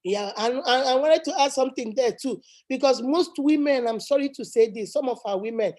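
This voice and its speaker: A woman's voice: high voice, brisk, dark tone. A woman hosting a talk show, giving emphatic advice and driving her points home. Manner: preachy, emphatic, repeats points. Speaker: channel host. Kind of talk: advice chat.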